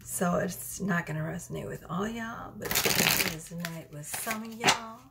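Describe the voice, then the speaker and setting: Gravelly woman rambling through a tarot reading at home, kinda low voice, some whispery bits. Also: moderate pace, heavy background noise. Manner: chatty, rambling, with soft whispered asides. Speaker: tarot reader. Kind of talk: casual tarot reading chat. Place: home room.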